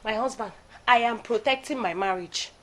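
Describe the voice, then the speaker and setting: A woman's voice: fairly high pitch, normal speed, sharp tone. A woman with a Nigerian accent playing a domineering, jealous wife who scolds and accuses her household. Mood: defensive. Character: domineering jealous wife, middle-aged madam. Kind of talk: Nollywood film acting.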